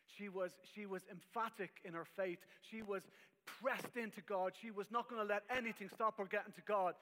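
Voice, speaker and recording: A man's voice: sits high, fairly even intonation, moderate pace, fairly bright tone. A man preaching a sermon as pastor, emphatic with wry asides, in a church hall. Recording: long reverb of a hall.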